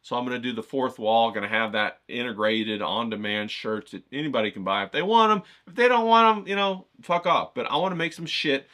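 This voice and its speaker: An excitable man leads a casual lesson, wandering off topic and swearing freely. His voice is bright and forceful, and he keeps checking in with "okay?" and calling you "bro". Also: medium pitch, brisk, few pauses. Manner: loud, profane, goes off on tangents. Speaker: art course instructor. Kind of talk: casual, rambling video lesson.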